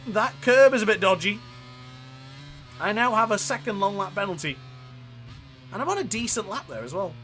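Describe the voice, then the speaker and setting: A man with a northern English accent giving chatty, excitable gameplay commentary while racing, laughing often. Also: high-pitched, normal speed, pauses often, soft background music.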